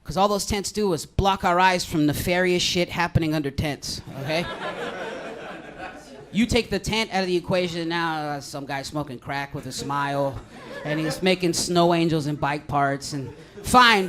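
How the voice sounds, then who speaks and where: A young man doing a rambling stand-up set in a comedy club, deadpan and crude, high on edibles. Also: normal speed, a crowd in the background.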